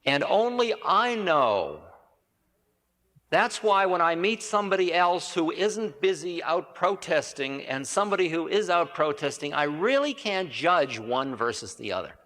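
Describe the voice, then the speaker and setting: A man's voice: a little high, big pitch swings, measured pace, a bit bright. Rambling male lecturer in a reverberant hall. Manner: rambling, conversational, with self-corrections and asides. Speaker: spiritual teacher giving a lecture. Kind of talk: storytelling lecture. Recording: reverberant 1980 hall recording.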